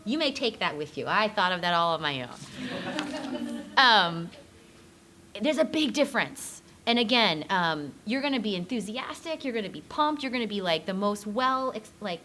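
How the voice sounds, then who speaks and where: Peppy woman running staff training, bright voice, jokey, says um a lot. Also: mid-range voice, a little hiss or hum. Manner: enthusiastic, joking, lots of fillers. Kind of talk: upbeat training talk to a group.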